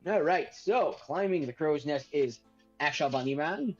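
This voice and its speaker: A man narrating as game master in a tabletop game, rambling and crude, quick to laugh. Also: fairly high pitch, expressive, soft background music. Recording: dull lo-fi.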